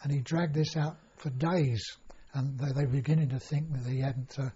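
A man's voice: mid-range voice, fairly even intonation, normal speed, mellow, breathy edge. An older man telling a long personal story in an oral history interview, rambling and full of fillers and restarts. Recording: dull lo-fi recording.

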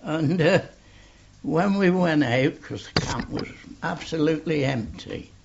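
An older man slowly telling an oral history story, full of fillers and a gravelly voice. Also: fairly high pitch, lively intonation, background noise. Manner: slow rambling storytelling with many fillers. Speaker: interviewee. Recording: dull lo-fi tape recording.

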